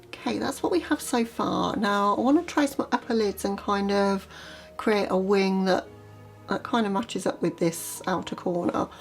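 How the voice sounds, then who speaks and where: A woman vlogger talking through a makeup look step by step in a relaxed, chatty way. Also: medium pitch, moderate pace, gravelly, faint music behind. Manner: chatty, relaxed, explains as she works. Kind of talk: makeup tutorial narration.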